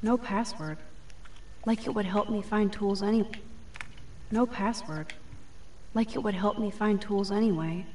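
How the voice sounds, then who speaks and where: A woman's voice: medium pitch, a little slow, long pauses, darkish tone, a little hiss or hum, close to an everyday voice. A woman voicing a wry teenage girl photographer in a video game, talking in a dry, sardonic inner monologue.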